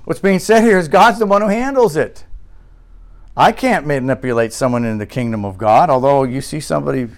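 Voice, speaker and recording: A man's voice: mid-range voice, expressive, brisk. A man preaching a sermon to his congregation, asking rhetorical questions and building to emphatic, raised passages. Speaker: pastor.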